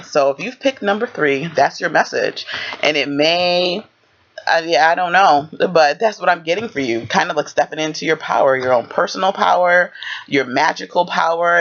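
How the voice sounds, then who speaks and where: A man giving a rambling pick-a-card tarot reading, congested from a cold, with a slight lisp and halting restarts. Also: fairly high pitch, a bit bright. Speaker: tarot reader. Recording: dull lo-fi audio.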